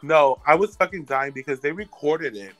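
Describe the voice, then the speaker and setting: A woman's voice: sits low, normal speed, faint music behind. A young woman co-hosting a podcast, chatting casually with crude, laughing banter. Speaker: podcast co-host. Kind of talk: casual chat.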